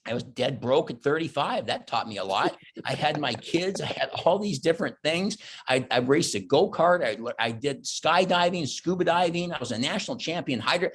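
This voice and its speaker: A man's voice: fairly high pitch, normal speed, a little hiss or hum. A middle-aged man giving a motivational keynote, telling stories and acting out his own thoughts and quotes. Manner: animated storyteller, voices his own inner thoughts and quotes. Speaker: keynote speaker. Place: virtual conference talk.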